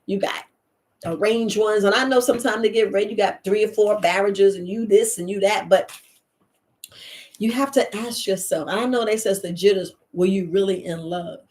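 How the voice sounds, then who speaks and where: A woman herbalist host, talking in a casual, animated monologue and acting out the voices she quotes. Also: mid-range voice, moderate pace. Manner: animated storyteller, acts out quoted voices, laughs often.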